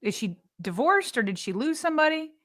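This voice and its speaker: A woman co-hosting a podcast, chatting casually, teasing and quick, laughing often. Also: sits high, big pitch swings, a bit bright, no room sound, clean studio sound. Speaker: podcast co-host. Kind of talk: casual chat.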